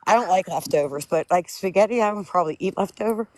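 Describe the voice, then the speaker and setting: A woman's voice: mid-range voice, fast. A woman chatting on a live stream while walking outdoors up hills, out of breath, holding her phone away from her mouth. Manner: chatty, warm, apologetic. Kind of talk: casual live-stream chat. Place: outdoors on hilly streets. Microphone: phone held away from mouth.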